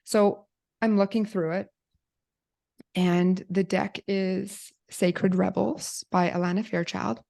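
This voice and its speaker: Brief: woman podcast host, lively personal storyteller. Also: mid-range voice, slow pace, creaky. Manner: animated, swearing, quoting herself. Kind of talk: emotional storytelling to viewers.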